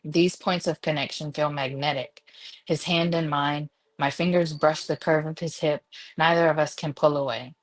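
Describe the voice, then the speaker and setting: A woman's voice: low-pitched, steady tone, moderate pace. A woman reading a romance novel aloud, giggling now and then between passages. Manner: giggly, breaks into laughter. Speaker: reader.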